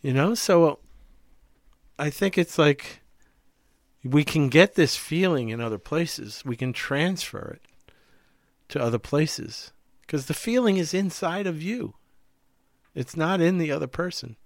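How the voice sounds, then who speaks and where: Middle-aged male co-host, gravelly and dry, reflective, acts out quotes. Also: on the high side, lively intonation, measured pace, dry recording. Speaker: podcast co-host, therapist. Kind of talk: casual conversation.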